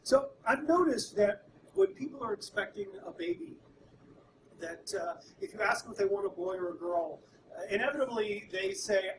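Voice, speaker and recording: A middle-aged man works through a stand-up routine with a high, bouncing voice that swings widely in pitch. He sets up stories plainly and lands deadpan punchlines. He sits far back from the mic, with steady noise all around. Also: moderate pace. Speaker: stand-up comedian. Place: live comedy stage. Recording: distant mic with room noise.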